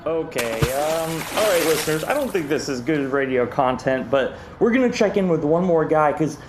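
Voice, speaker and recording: A man's voice: a little high, lively intonation, normal speed. A man hosting a radio segment from a rooftop at night, rambling with bemused commentary. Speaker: radio host reporting in the field. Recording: noisy outdoor field recording.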